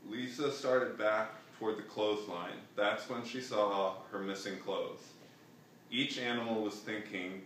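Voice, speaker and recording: A young man, a student, reading a picture book aloud in a flat, halting way with stumbles, in a classroom, picked up by a camera across the room. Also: on the low side, slight background noise. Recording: echoey room, mic far off.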